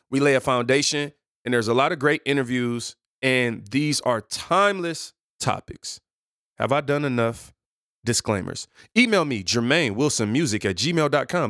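A man hosts a solo podcast in a relaxed, rambling way, stopping to correct himself and joking on the side. His voice sits in an ordinary middle range. The sound is close and dry, with no room around it. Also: mid-range voice, no room sound. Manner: rambling, self-correcting, playful asides. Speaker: podcast host. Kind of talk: casual solo podcast talk.

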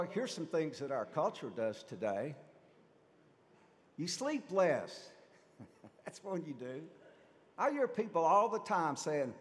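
A man preaching a sermon as pastor, addressing the congregation with many rhetorical questions and acted-out quotes. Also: fairly high pitch. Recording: long hall reverb.

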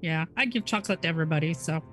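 A woman's voice: low voice, very fast, fairly bright tone, soft background music. A woman playing a ship captain in a tabletop game, friendly and eager to please. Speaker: player. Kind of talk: in-character tabletop role-play.

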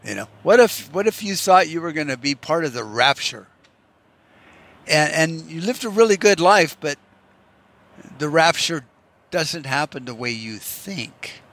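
A man's voice: a little high, very animated, measured pace, a bit bright. A man giving a rambling, casual monologue, full of swearing and rhetorical what-if questions. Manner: profane, musing, rhetorical what-ifs. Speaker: vlogger.

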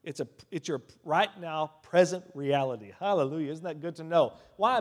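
A male preacher delivering a sermon in a large church hall, his voice trailing off in a long reverb. He sits a little higher than most men, dropping to near-murmurs and then surging into loud, ringing declarations. Hallelujahs and amens punctuate his points. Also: moderate pace, few pauses. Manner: swings between hushed asides and loud emphatic declarations; calls out hallelujah and amen between points.

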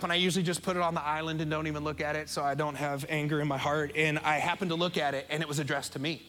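A middle-aged man with an American accent preaching a sermon as pastor, earnest and openly emotional, slowing right down on key phrases. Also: on the high side, steady tone, a bit bright. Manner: emotional, earnest, speeds up and slows down for emphasis.

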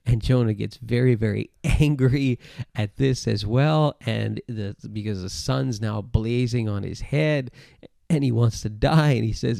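A man's voice: fairly low pitch, measured pace, gravelly, dark tone, no echo, clean studio sound. A man preaching a Bible talk to camera in a conversational way, often repeating words and restarting. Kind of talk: sermon-style Bible teaching to camera. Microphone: camera mic, close.

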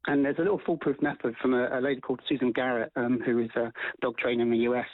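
Fast-talking man on a phone line. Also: medium pitch, no echo. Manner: fast, animated, many fillers and restarts. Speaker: dog behaviourist guest. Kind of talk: radio interview advice.

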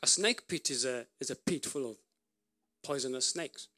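A man preaching a sermon, telling a story with pauses and restarts. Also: medium pitch, sharp tone. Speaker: pastor.

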